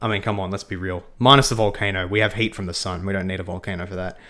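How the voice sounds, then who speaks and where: A man's voice: low voice, fairly even intonation, quick pace, bright, forceful tone. Rambling young man streaming. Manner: rambling, laughs often, repeats himself. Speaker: livestream host. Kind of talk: casual gaming livestream chat.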